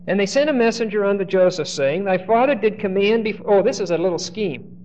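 High-voiced man preaching on a dull recording. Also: a little fast. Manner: animated, acts out quoted speech, repeats words when starting. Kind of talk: expository Bible teaching. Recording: dull lo-fi recording with faint hiss.

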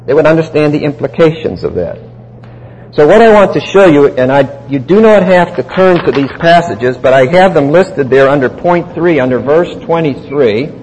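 A man teaching the Bible verse by verse in a deliberate, emphatic way. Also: on the high side, animated, a little mellow, slight background noise. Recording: long hall reverb.

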